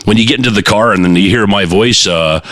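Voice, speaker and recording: A man's voice: on the low side, fast, fairly bright tone, dry recording. A man co-hosting a podcast, rambling and joking in casual banter. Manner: joking, rambling, laughs often. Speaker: podcast co-host.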